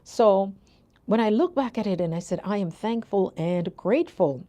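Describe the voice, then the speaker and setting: An older Jamaican woman with a Jamaican accent, a nurse coach, hosts a casual livestream, chatting with viewers and laughing often. Her mid-range voice is animated and mellow, at a normal speed.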